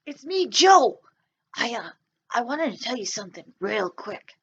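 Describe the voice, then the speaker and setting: A jittery little boy who stammers and gushes, his high voice leaping wildly up and down, as a woman puts him on. He sounds shy but eager, piping and breathy. It plays like a storytime puppet voice. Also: very animated, unhurried, fairly bright tone, lo-fi sound, full character voice. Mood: nervous. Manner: stammering, gushing, wide pitch swings.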